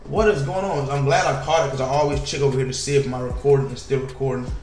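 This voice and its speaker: A man casually commenting while playing a video game, slangy and animated, with sudden loud outbursts. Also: medium pitch, fast, echoey room, soft background music. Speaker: gaming YouTuber.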